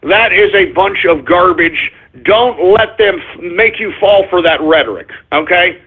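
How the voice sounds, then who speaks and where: Actor as an angry, high-voiced talk radio host ranting on a lo-fi line. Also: male voice, measured pace, breathy edge. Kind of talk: political talk radio rant. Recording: narrow phone-like lo-fi sound.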